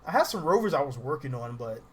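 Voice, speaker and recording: A man's voice: mid-range voice, big pitch swings, fast, breathy edge. A man from the Southern US giving casual livestream commentary while he plays a game, laughing often and greeting viewers in chat.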